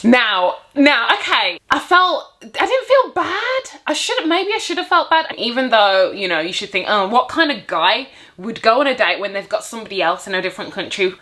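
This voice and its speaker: Telling her viewers about a date, a young vlogger uses a fairly high voice at normal speed. She keeps it casual and chatty, performing her reactions with lively exclamations.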